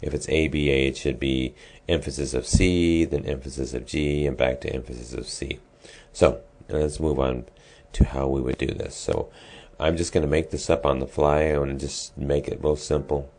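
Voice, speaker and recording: A man with an extremely deep, low voice walks students through a class assignment. He talks casually and explains each step, pausing on ums and restarting his sentences. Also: steady tone, a little mellow. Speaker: music teacher. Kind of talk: screen-recorded lesson walkthrough.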